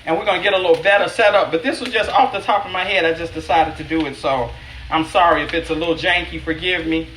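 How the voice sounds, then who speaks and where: A woman's voice: on the low side, quick pace. Chatty middle-aged woman cook, livestreaming from an echoey home kitchen with a hissing pan behind her. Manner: chatty, talks to viewers by name, self-teasing. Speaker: chef hosting a home cooking stream. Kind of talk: live-streamed cooking demo, casual chat. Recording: echoey kitchen with loud sizzling. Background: sizzling skillet.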